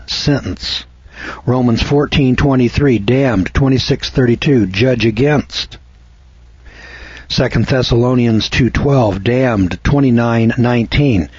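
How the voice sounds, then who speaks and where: Slow, husky-voiced American man lecturing. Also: mid-range voice, darkish tone, dry recording, dull audio. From United States. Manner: slow, deliberate, spells words out letter by letter; preachy, cites scripture references. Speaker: commentator. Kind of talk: opinionated monologue.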